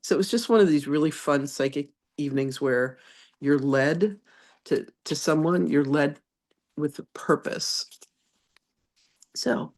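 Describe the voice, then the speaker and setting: A woman's voice: sits low, a little slow, long pauses. A congested woman, a reverend and psychic medium, chatting through stories and reading a spiritual lesson. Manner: chatty, animated anecdotes with frequent laughter. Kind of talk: casual storytelling, then reading a channeled message.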